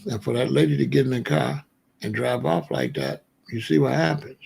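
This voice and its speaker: A middle-aged man hosting a commentary show, telling a street story in a casual, animated way. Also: mid-range voice, normal speed, vocal fry, breathy edge. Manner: animated storyteller, breaks into quoted dialogue.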